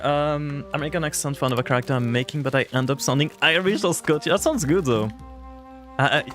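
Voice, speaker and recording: A man streaming a game live, chatting casually and answering his viewers' chat, rambling with lots of filler words. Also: mid-range voice. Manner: rambling, heavy use of "like" fillers; reacts to and answers chat aloud.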